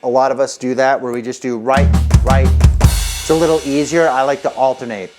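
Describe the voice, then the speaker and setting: A man's voice: mid-range voice, fairly even intonation, fairly quick, over loud music. Chatty man counting drum rhythms. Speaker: drum teacher. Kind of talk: casual drum lesson. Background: drum kit playing.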